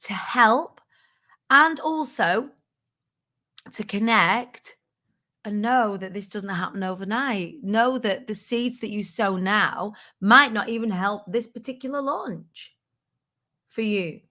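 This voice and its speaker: Woman host, bright and forceful tone, candid and playful, drops the odd swear word in motivational chat. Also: mid-range voice, slow. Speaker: host of a business tips show. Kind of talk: casual motivational talk to a live audience.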